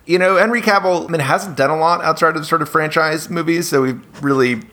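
A man chatting on a podcast, thinking aloud and hedging often with "sort of" and "like". He talks at an everyday middle pitch and a relaxed pace. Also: fairly quick. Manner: hesitant, full of hedges like "sort of" and "like". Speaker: podcast panelist. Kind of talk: casual chat.

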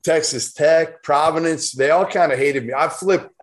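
A man's voice: a little high, moderate pace. A man co-hosting a casual sports podcast chat, talking bluntly and emphatically with some mild swearing. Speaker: podcast co-host.

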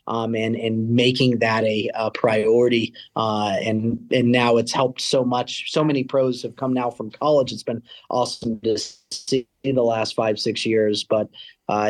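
A man speaking as a college tennis coach in a casual interview. His pitch stays level and even, with little rise or fall, and he rambles through fillers and false starts. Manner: rambling, many fillers and restarts.

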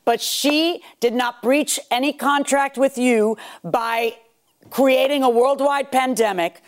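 A woman's voice: sits high, slow. A woman judge questioning the parties bluntly and demanding proof. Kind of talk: courtroom ruling.

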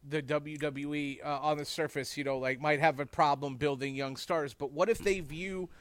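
High-voiced man, dry close sound. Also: steady tone, moderate pace, a bit bright, dry recording. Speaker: podcast co-host. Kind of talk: casual wrestling talk.

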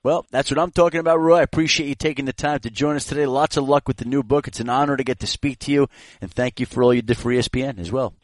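A man's voice: medium pitch, fairly even intonation, fast, no room sound. A man hosting a radio interview, asking direct questions and giving brief acknowledgments. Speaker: radio show host.

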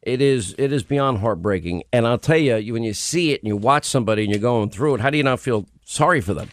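A man's voice: medium pitch, quick pace, no echo, studio quality. A man hosting a radio talk show, delivering an emphatic, impassioned monologue full of restarts. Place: radio studio. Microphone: studio microphone.

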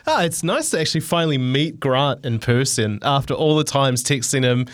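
A man's voice: mid-range voice, expressive, normal speed, dry recording. Friendly New man, dry mic. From New Zealand. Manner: friendly, joking. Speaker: radio guest.

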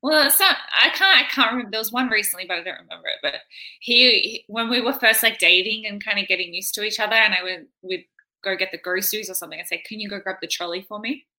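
A woman's voice: medium pitch, quick pace, pushed and bright. A young woman from Australia with a slightly Americanized Australian accent, chatting as a guest and laughing easily. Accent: Australian, partly Americanized. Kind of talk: casual interview chat.

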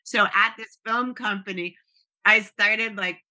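A woman's voice: medium pitch, steady tone, measured pace, bright, forceful tone. A woman in her sixties, a guest telling stories in casual chat, often laughing and restarting her sentences.

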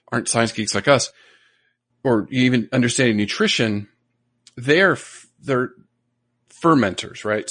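A man co-hosts a podcast in casual conversation, enthusiastic and nerdy, rambling a bit as he explains things. His medium-pitched voice has a fairly bright tone, recorded at studio quality with no echo.

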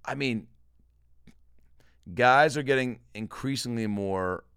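A man hosting a comedy podcast, telling animated stories and acting out the people in them. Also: medium pitch, takes it slowly, vocal fry, clean tone, dry recording, studio quality. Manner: animated storyteller, acts out quotes. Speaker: podcast host.

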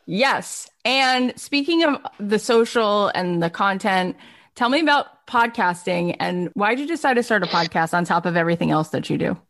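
A woman's voice: medium pitch, lively intonation, moderate pace, a bit bright. A woman podcast host who asks open questions and affirms her guest in casual interview talk.

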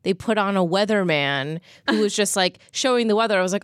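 A woman's voice: medium pitch, brisk, few pauses, no room sound, clean studio sound. A woman co-hosting a casual podcast, telling stories in a chatty way. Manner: chatty storyteller. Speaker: podcast co-host. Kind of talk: casual chat.

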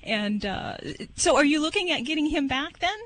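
A woman hosting a call-in radio show, giving measured and reassuring pet advice to a caller. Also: high-pitched, lively intonation, fairly bright tone, slight background noise. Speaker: radio show host, veterinarian.

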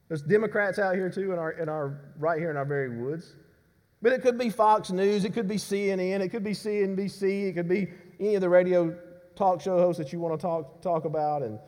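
A pastor preaches a sermon to his congregation in a reverberant church sanctuary. He alternates emphatic declarations with hushed, low lines and frequently poses questions to the congregation.

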